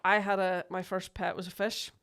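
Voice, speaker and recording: A woman's voice: on the low side, flat delivery, fairly bright tone, clear, resonant tone. A Northern Irish woman, a comedian co-hosting a podcast, teasing dryly in casual chat. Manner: dry, quick-witted teasing.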